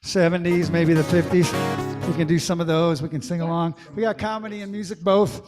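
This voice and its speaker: A man's voice: on the high side, steady tone, fairly quick, big-room sound. A man in his sixties who sings and jokes, telling rambling stories between songs on a live-streamed comedy music show. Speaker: singer-songwriter and comedy host.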